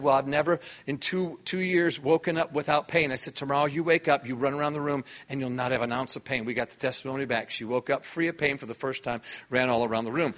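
A middle-aged man preaching in a church, telling healing stories with lively enthusiasm. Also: a little high, dull audio. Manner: animated, enthusiastic storyteller. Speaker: guest preacher. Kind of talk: sermon storytelling. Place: church hall.

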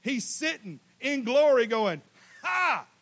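A man preaching a sermon as pastor, swinging between loud emphatic lines and quiet asides. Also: sits high, moderate pace, highs cut off. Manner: folksy, casual Southern US speech.

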